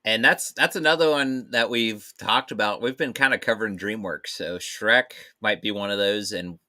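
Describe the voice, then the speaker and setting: A man's voice: lowish voice, moderate pace, sharp tone. A man co-hosting a casual live-stream chat about movies, playful and prone to silly voices. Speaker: co-host.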